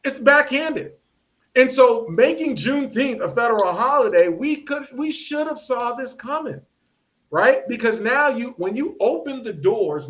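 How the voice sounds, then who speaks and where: The recording cuts off the highs of this man's high voice as he hosts a podcast on a podcast mic. Animated and opinionated, he acts out the voices of people he's quoting.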